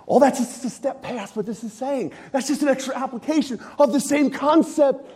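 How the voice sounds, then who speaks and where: Husky guy preaching a sermon, high voice that swoops all over, goes quiet then punchy. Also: fairly quick, hardly any pauses. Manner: animated, swings from hushed to emphatic. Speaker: pastor.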